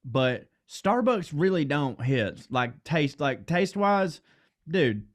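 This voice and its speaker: Man, podcast co-host, slightly raised pitch, loose profane banter, laughs easily, a little high. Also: slow. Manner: rambling, profane, laughs often, gets excitable.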